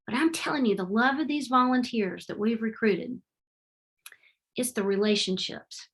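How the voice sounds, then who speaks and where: A middle-aged woman giving a heartfelt, animated presentation over a video call. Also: a little high, normal speed, husky. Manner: warm, heartfelt and animated, with faith-tinged phrasing. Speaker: presenter at a webinar. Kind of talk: presentation with slides. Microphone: remote video call.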